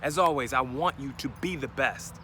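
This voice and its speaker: A man's voice: medium pitch, normal speed, bright, forceful tone, a little hiss or hum. A man giving an emphatic motivational talk outdoors, speaking straight to his listeners. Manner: emphatic, preachy, addresses listeners directly.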